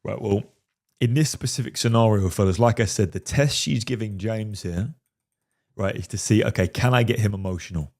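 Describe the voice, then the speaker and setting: Dark-voiced emphatic male dating coach. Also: fairly low pitch, normal speed. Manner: emphatic, keeps asking "right?". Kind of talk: commentary on a film clip.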